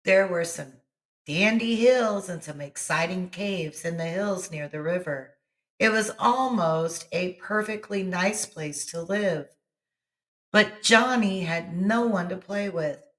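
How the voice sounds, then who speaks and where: A woman hosting her channel and reading a bedtime story aloud in a slow, expressive way. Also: fairly low pitch. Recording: roomy echo.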